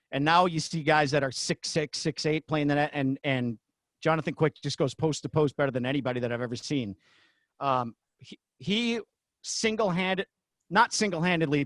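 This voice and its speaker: Excitable man telling arena stories, dry sound. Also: fairly high pitch, dry recording. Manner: excitable, acts out shouted quotes. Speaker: guest, former arena announcer. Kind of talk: animated storytelling in a podcast interview.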